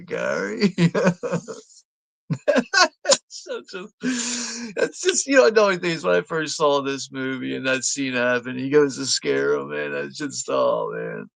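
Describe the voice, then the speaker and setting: A man's voice: medium pitch, unhurried, vocal fry, no room sound. A man hosting a live movie watch party, talking casually, swearing freely and laughing a lot. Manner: profane, laughs often.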